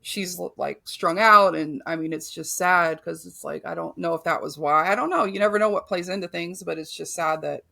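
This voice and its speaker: This is a woman in her thirties with a gravelly, creaky voice, telling her own hard story on a podcast. She is blunt and swears, and her sentences trail off and restart. The tone stays casual and frank. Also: lowish voice, moderate pace, few pauses, bright, forceful tone. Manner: frank, profane, full of fillers and restarts. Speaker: podcast host. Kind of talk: candid personal storytelling.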